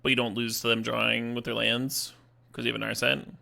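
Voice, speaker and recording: Brisk and flat in delivery, a streamer narrates his card game moves in a relaxed, profane, laugh-filled way, reasoning aloud as he plays. His medium-pitched voice has vocal fry and a bright, forceful tone.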